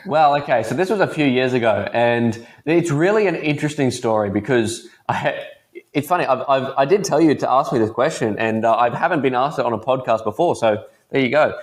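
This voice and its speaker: A man's voice: medium pitch, animated, fairly quick. A teenage man with an Australian accent, chatting upbeat and laughing easily as a podcast guest. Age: teens. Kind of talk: casual interview chat.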